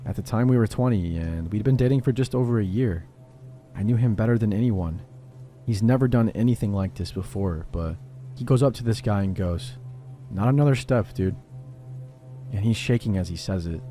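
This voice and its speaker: A man reading a first-person horror story aloud as a scripted narration, in a low, even storytelling manner. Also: fairly quick, faint music behind.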